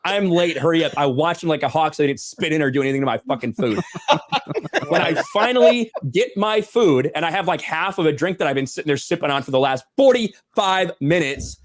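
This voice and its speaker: An American man telling an indignant, profanity-heavy story as a show co-host, loud and animated. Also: fairly high pitch, fairly quick. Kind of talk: profane ranting anecdote.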